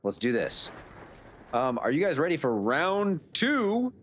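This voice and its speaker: A man hosting and casting a live online game tournament, chatty and relaxed, often restarting his words. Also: fairly high pitch, a little slow, lo-fi sound, a little hiss or hum. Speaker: tournament host and caster. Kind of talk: live esports commentary.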